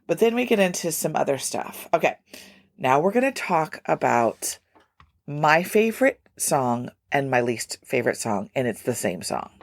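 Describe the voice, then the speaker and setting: A woman hosting a solo music podcast, chatty and animated with self-deprecating asides. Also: low voice, moderate pace, dry recording, studio quality. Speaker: podcast host. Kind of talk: casual solo podcast talk.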